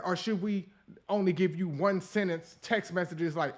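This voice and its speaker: A man's voice: high voice, moderate pace. Blunt, profane male podcast host. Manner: blunt, profane, animated rants. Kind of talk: casual opinion commentary.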